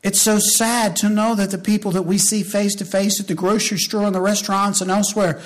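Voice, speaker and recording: A man preaching a sermon to his church, impassioned, rising to loud appeals and dropping to hushed storytelling, with folksy asides to the congregation. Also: high-pitched, flat delivery, brisk.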